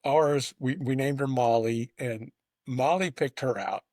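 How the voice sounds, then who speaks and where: Male host, rambling conversational storyteller, stammers and restarts, mid-pitched, dry close sound. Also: unhurried, darkish tone, no room sound. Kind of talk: casual conversation.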